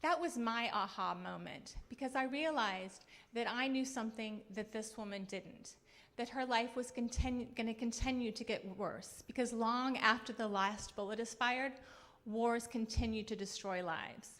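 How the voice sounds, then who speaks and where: Bright-voiced woman giving an earnest speech. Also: fairly high pitch, moderate pace, hardly any pauses. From Kansas, US Midwest. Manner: earnest storytelling with light humor. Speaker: award honoree giving an acceptance speech. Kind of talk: acceptance speech.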